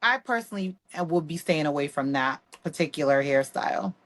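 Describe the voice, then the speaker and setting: A woman in her thirties co-hosting a podcast, chatting casually in an animated, emphatic, blunt way. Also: deep voice, fairly quick. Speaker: podcast co-host. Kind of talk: casual chat.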